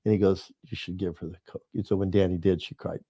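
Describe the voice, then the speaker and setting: An older man with a low, warm, mellow voice tells a family story in a folksy, meandering way, often repeating himself. He sounds close and dry, with no room around him. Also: level tone, fast, no echo. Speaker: podcast co-host. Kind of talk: casual chat.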